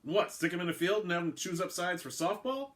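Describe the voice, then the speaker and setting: A wisecracking, fed-up astronaut, voiced by a man reading a story, pitched a bit above his narration. He jabs with sarcasm and lets his pitch jump around. The tone stays casual and mocking. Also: expressive, brisk, a bit bright. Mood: sarcastic.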